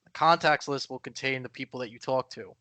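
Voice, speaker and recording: A man's voice: mid-range voice, a little fast, sharp tone, dry recording. A man co-hosting a podcast in casual chat, rambling with many fillers and restarts. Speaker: podcast co-host.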